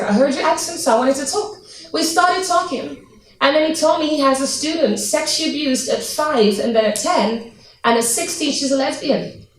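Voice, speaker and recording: Earnest high-voiced woman in echoey room. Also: far from the mic, slight background noise. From Trinidad and Tobago. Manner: earnest, pleading, candid. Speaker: anti-trafficking speaker. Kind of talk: public talk to an audience. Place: room with an audience.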